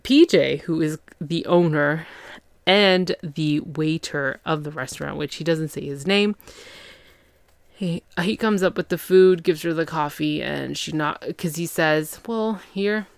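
A woman hosting a podcast, recapping a show in casual chat, tired after a long day, full of fillers and quick character impressions. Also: deep voice, gravelly, no echo. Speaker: podcast host recapping a TV series.

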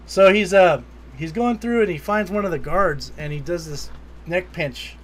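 Male co-host, higher register, lively casual recapper who acts out quotes. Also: normal speed, a little hiss or hum. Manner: animated retelling, quotes lines in put-on voices. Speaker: podcast co-host. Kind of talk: casual movie recap chat.

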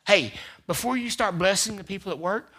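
At a live church service, a pastor preaches a sermon, repeating phrases for emphasis and swinging from loud, emphatic peaks to quiet asides. His voice is high, animated and fairly quick.

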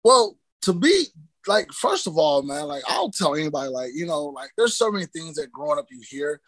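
Man, guest storyteller, animated, profane, slightly high voice, dry close mic. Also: fairly quick, dry recording. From New Mexico. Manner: animated, swearing, acts out quoted voices. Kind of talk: casual storytelling interview.

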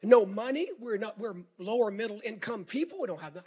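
High-voiced husky Southern preacher man. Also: fairly quick. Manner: animated storytelling preacher, repeats words, rises to shouts. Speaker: pastor. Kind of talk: sermon.

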